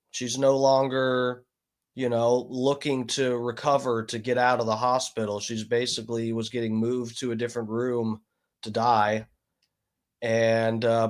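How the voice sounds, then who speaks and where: A grieving man streaming live, talking in a halting way with many restarts and curses. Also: mid-range voice. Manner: halting, full of restarts and swearing. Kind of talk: casual livestream talk.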